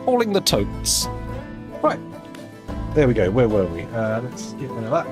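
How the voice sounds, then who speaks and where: A man's voice: medium pitch, animated, normal speed, over music. A man streaming a game, chatting casually and thinking aloud with dry, self-mocking asides. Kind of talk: casual live-stream commentary while playing.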